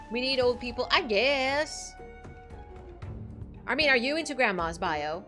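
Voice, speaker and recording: A chatty young woman streaming a game, talking in casual valley-girl phrasing with a sprinkling of swears. Her pitch bounces widely as she talks. Faint game music plays underneath. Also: animated, unhurried, pauses often, fairly bright tone. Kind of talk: casual gaming livestream chat.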